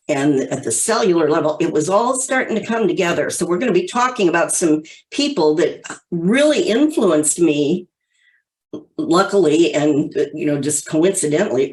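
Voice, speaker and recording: A woman in her sixties, a hypnotherapy trainer, talking in a chatty, rambling way with fillers and restarts during an online training session over a video call. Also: deep voice.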